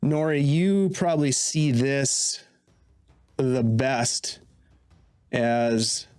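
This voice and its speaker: A man runs a tabletop game, narrating in a loose, casual way and often stopping to restart his sentences. His voice sits at a middle pitch. The sound is dry and close. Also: a little mellow, clean tone, dry recording. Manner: casual, halting, with many restarts. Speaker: game master.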